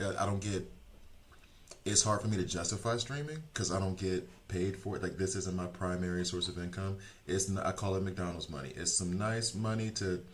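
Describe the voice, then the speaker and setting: Deep voiced young guy rambling to his stream chat, lots of ums and restarts, faint hum behind. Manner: rambling, self-deprecating, frequent fillers and restarts. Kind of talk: casual chat with stream viewers.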